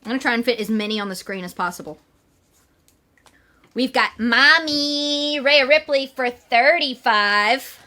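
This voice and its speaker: Bright, high-voiced bantering woman. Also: a little slow. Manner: playful, bantering. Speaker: guest autograph seller. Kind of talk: live stream sales chat.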